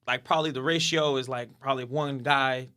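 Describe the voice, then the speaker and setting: Bright-voiced man telling a story. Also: medium pitch, brisk, smooth. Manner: animated, acts out what others said, swears freely. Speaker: podcast guest. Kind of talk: casual storytelling.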